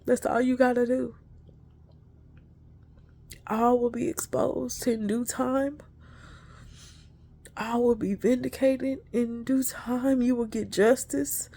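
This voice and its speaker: Woman, gravelly, mellow tone, emotional uplifting talk, faint rumble behind. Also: flat delivery, takes it slowly, long pauses. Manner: earnest, preachy, addresses listeners as y'all. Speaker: inspirational speaker. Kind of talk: spiritual encouragement talk.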